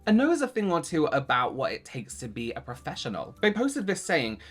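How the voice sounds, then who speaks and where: A man's voice: on the high side, huge pitch swings, fairly quick, husky, faint music behind. A man hosting a reaction video, giving sarcastic commentary on social media posts and reading them aloud.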